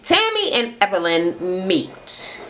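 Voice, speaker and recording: A woman's voice: medium pitch, wildly swooping pitch, slow, fairly bright tone, slight background noise. A sassy, blunt woman chats straight to her camera, tossing out slangy, profane comments in a casual recap. She talks indoors under a ring light, close to the camera mic. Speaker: reality TV recap vlogger. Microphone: camera mic at close framing.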